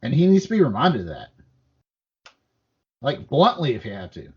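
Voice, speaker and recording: A man's voice: mid-range voice, very animated, moderate pace, dull audio. Profane, rambling male podcast co-host. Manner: profane, rambling, acts out quotes. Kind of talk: casual political chat.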